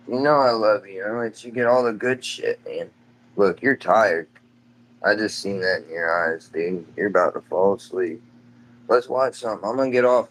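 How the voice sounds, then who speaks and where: Laid-back swearing streamer dad. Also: male voice, mid-range voice. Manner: loose, rambling, swears casually, says "dude" a lot. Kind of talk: casual live-stream chat. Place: at home.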